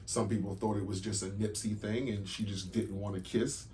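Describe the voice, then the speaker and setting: A man's voice: lowish voice, steady tone, moderate pace, darkish tone. Conversational man host, faint noise. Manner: conversational, rising emphatic outbursts. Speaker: podcast host. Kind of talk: casual chat.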